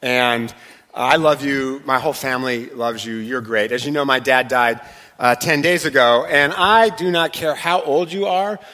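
A man's voice: mid-range voice, moderate pace, sharp tone. A middle-aged male pastor, giving a conversational sermon and joking with the congregation. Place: church sanctuary. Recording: long hall reverb in a church.

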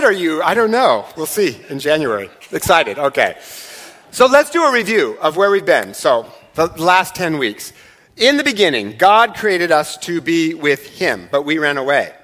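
A man's voice: fairly high pitch, a bit bright. A middle-aged male pastor, giving a conversational sermon and joking with the congregation. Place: church sanctuary. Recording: long hall reverb in a church.

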